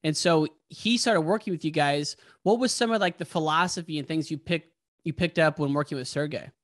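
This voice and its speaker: A man's voice: fairly high pitch, a little fast. A man hosting a podcast, asking questions in an enthusiastic, chatty way. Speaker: podcast host. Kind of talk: casual interview.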